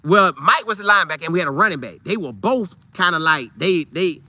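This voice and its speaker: A man telling a funny old football story casually, with loud sound effects and vivid retelling. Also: sits high, animated, fast talker, no echo. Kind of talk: animated storytelling.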